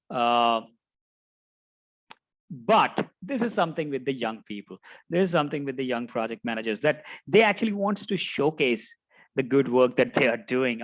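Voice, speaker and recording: A man's voice: medium pitch, fairly bright tone, no echo, poor audio. A middle-aged man, a project management instructor, teaching through a story and often tagging his sentences with "right?". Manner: anecdotal, tags sentences with "right?". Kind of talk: storytelling lecture.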